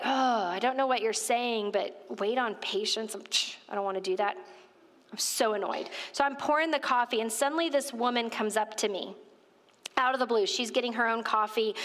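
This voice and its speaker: A woman telling a story in a sermon, animated and chatty, talking straight to the people in front of her. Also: fairly high pitch. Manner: animated, conversational, addresses listeners directly. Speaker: women's ministry speaker. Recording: reverberant hall.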